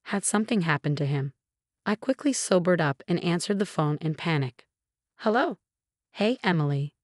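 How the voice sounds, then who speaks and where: Low-voiced woman narrating a story. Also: fairly quick, no echo, clean studio sound. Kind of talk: scripted first-person story narration.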